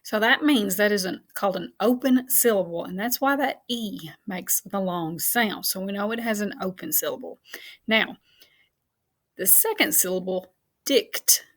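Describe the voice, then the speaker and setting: A woman teacher giving a recorded phonics lesson for children, patient and encouraging, spelling and counting out slowly and laughing off her own slips. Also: mid-range voice, a bit bright.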